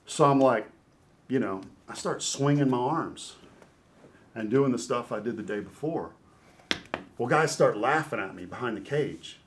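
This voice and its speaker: A middle-aged man, a former pitcher turned announcer, telling an animated story as a podcast guest. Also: measured pace, pauses often, noisy background. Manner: lively storyteller with rising excitement and reflective close.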